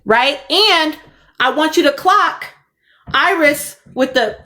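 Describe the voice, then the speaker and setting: A woman's voice: high-pitched, animated, slow, sharp tone. A young adult woman, hosting a casual commentary livestream, emphatic and fond of repeating her points. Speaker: livestream host.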